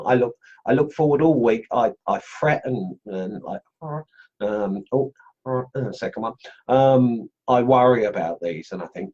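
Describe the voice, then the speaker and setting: A man's voice: mid-range voice, normal speed, dark tone, slightly rough, highs cut off. A middle-aged man hosting a live stream for a carving group, chatting casually with plenty of fillers and restarts. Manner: rambling, many fillers and restarts.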